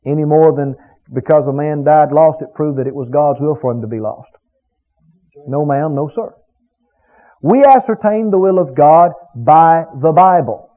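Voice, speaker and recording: A male preacher with a high, expressive voice at normal speed swings his pitch widely as he drives each point home. He fires rhetorical questions at the congregation in an emphatic sermon cadence, captured on dull lo-fi audio.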